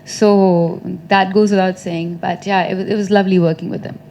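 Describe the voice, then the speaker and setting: A woman's voice: medium pitch, flat delivery, normal speed, dark tone. A woman in her thirties answering questions at a press conference, chatty and teasing, laughing often. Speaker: actress at a press meet.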